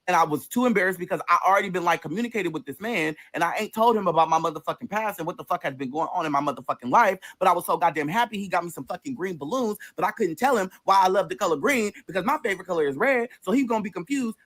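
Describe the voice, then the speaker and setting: A man's voice: high voice, very fast, hardly any pauses, a bit bright. Sassy, profane male storyteller. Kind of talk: casual storytime.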